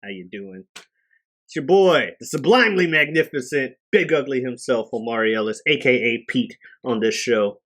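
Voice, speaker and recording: A young man co-hosting a casual podcast, playful and hyped, drifting quieter as he talks. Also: mid-range voice, expressive, moderate pace. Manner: playful, hyped, with mock-grand self-introduction. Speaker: podcast co-host. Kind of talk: casual chat.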